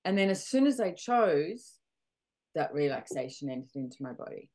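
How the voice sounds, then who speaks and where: Woman, Australian accent, middle-aged, low voice, candid, chatty, casual conversation. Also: sing-song, normal speed, a little mellow. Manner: chatty and candid, acting out her own reactions. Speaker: podcast host. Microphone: video call.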